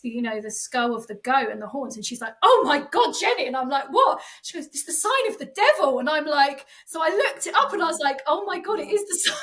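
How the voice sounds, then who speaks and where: A woman psychic medium telling a spooky personal story in a casual podcast chat, animated and full of fillers, acting out the voices she quotes. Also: high-pitched, recorded from a distance, poor audio.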